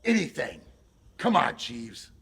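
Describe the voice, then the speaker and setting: A man in a backstage wrestling skit, eagerly pitching a deal and pleading with his partner. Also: huge pitch swings, slow pace, vocal fry, fairly bright tone.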